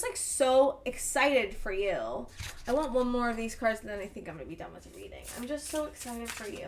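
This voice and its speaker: A woman's voice: on the high side, noisy background. A woman giving a casual tarot reading to camera, effusive and encouraging, rambling and restarting her sentences. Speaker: tarot reader.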